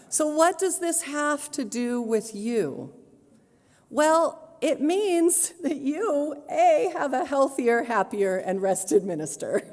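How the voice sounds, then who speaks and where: A woman minister giving a sermon to her congregation, earnest and pastoral with touches of gentle humor. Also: high-pitched, sing-song, slow. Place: church sanctuary. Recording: long hall reverb.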